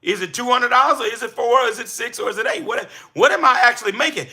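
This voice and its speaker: A man hosting a live-stream business coaching session, talking energetically to chat viewers and bursting into excited shouts. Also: very high-pitched, fast. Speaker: livestream host and business coach.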